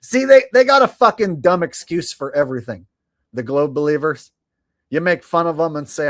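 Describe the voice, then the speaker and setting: A man's voice: fairly high pitch, animated, moderate pace, fairly bright tone, no room sound, clean studio sound. A man hosting a live stream, chatting casually and sarcastically, swearing freely and laughing at his own jokes.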